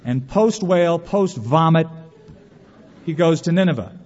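A man preaching a sermon as pastor, animated, with quick mock quotes of others. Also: fairly high pitch, big-room sound, muffled recording.

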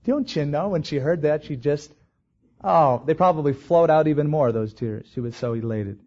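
A man preaching a sermon as a pastor, rising to emphatic peaks and slowing down to stretch key words. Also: on the high side, mellow. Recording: dull lo-fi recording.

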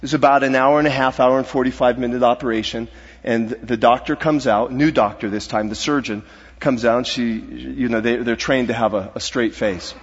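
A man's voice: medium pitch, fairly even intonation, slightly rough. Earnest man preaching in a reverberant hall. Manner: earnest, halting, dropping to a hushed voice at serious moments. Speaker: guest speaker. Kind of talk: sermon storytelling. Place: church sanctuary. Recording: dull reverberant hall sound.

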